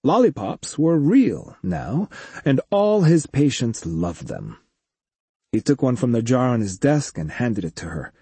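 A man reads a story aloud in a scripted, expressive narration. His voice is dark, mellow and slightly husky, with lively swings in pitch. The recording is close and dry. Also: measured pace, dry recording. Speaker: audiobook narrator.

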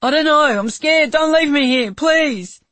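A woman's voice: sits high, unhurried, fairly bright tone, no echo, pitched above the performer's own voice. A woman reader voicing a terrified teenage boy trapped in a car, screaming and pleading in panic.

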